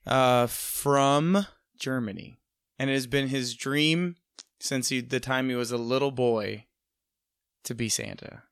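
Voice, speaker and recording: A woman's voice: extremely low pitch, takes it slowly, clean tone, no echo, clean studio sound. A woman chatting casually with friends, animatedly inventing characters between laughs. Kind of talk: casual chat, improvising silly character voices.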